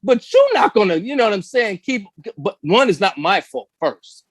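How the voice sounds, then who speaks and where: A man's voice: high voice, big pitch swings, normal speed, no room sound. A man co-hosting a casual discussion, talking in an emphatic, impassioned way, full of slang and rhetorical questions. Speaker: podcast co-host.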